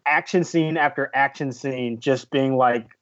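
A man's voice: mid-range voice, measured pace, a bit bright, highs cut off. A man on a podcast panel chatting casually and admiringly about a movie. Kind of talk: casual film review chat.

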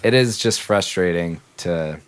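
A man's voice: sits low, a little slow, smooth. A man co-hosting a podcast in casual chat, rambling and trailing off between jokes. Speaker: podcast co-host.

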